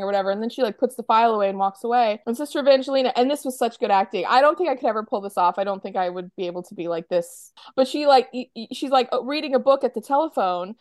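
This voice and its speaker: A woman's voice: fairly high pitch, expressive, racing, a little mellow, dry recording, clean studio sound. A woman co-hosting a podcast, chattily retelling a TV episode with lots of fillers and acted-out quotes. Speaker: podcast co-host. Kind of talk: casual chat recapping a TV episode.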